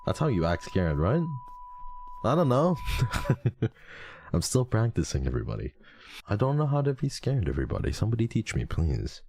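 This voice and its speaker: A man's voice: deep voice, huge pitch swings, normal speed, a little mellow, no echo. A man streaming a horror game, talking to his chat in a playful way and hamming up exaggerated scared moans, whimpers and gasps. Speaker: VTuber streamer.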